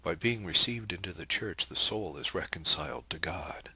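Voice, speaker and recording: A man's voice: low voice, normal speed, sharp tone, breathy edge, no room sound, exaggerated voice. A man reading the part of a guarded priest who answers pointed questions steadily and with restraint. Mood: steady.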